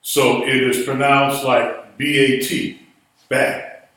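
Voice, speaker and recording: Man teaching slow n patient, sounds far from the mic in a big echoey room. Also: mid-range voice, flat delivery, a bit bright. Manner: patient, spells words out slowly. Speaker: Hebrew teacher. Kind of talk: classroom lesson.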